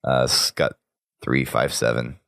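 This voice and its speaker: A sick, hoarse man hosting a podcast, rambling casually through news and sign-off plugs. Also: rumbling low, little pitch movement, slow pace, fairly bright tone, dry recording, studio quality. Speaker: podcast host.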